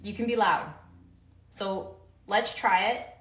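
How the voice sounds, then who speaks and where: A woman's voice: medium pitch, slow pace, a bit bright, echoey room, poor audio. A woman strength coach giving upbeat, casual instructions with slang and countdowns for kettlebell lifts.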